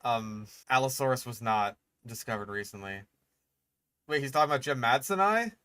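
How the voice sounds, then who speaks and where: A man's voice: medium pitch, animated, normal speed, sharp tone, clean tone, no echo. Young guy ranting at a video, sarcastic and annoyed, dry close mic. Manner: exasperated, sarcastic, swears a lot. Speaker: streamer reacting to a video. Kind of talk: casual reaction commentary.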